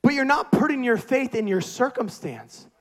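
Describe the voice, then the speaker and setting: High-voiced emphatic male preacher. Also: normal speed. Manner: energetic, emphatic repetition. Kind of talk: sermon.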